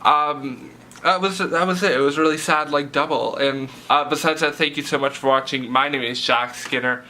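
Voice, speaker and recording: A young reality TV vlogger rants casually and ramblingly about a reality show, leaning heavily on "like," "um," and other fillers. His voice is a little high and sharp, with fairly even intonation at a moderate pace, and there's a bit of hiss or hum.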